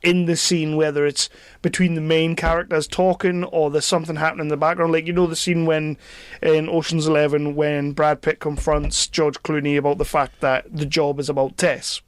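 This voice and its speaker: A man's voice: fairly high pitch, level tone, moderate pace, smooth, no room sound. A man hosting a podcast, giving opinionated casual film reviews and often repeating words as he starts a sentence. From Britain. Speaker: podcast host.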